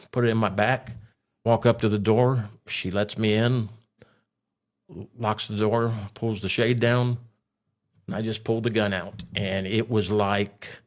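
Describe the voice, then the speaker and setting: Low-voiced man telling a story. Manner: acts out voices in his retelling. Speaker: storyteller recounting a robbery. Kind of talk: casual spoken storytelling.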